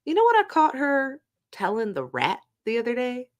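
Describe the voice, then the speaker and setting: A woman in her thirties co-hosting a casual chat podcast, telling stories with a laughing, animated delivery. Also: normal speed. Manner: animated, laughing storyteller who jumps between high and low pitch. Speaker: podcast co-host.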